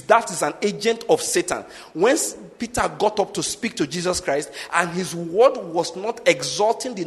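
A man's voice: sits high, long reverb tail. A man preaching a sermon in an emphatic way, often asking his listeners whether they follow his point. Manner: emphatic, repeats rhetorical questions to the congregation.

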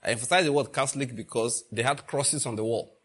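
A man's voice: medium pitch, fast, breathy edge. A man preaching a sermon, asking the congregation rhetorical questions and repeating phrases for emphasis.

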